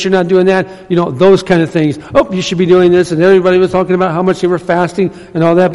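A man's voice: high voice, a little mellow. A male pastor giving a conversational sermon in a church that builds to emphatic points. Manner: conversational preaching, rising to emphatic. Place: church sanctuary. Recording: long reverb of a church hall.

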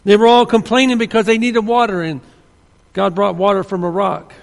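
A man's voice: sits high, flat delivery, normal speed, vocal fry. A man preaching a sermon, earnest and emphatic, often restarting his sentences. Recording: long hall reverb.

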